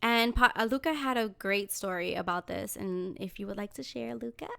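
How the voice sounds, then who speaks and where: A woman hosting a podcast in casual chat, unhurried and relaxed, with fillers and easy laughter. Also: medium pitch, vocal fry, smooth. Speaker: podcast host.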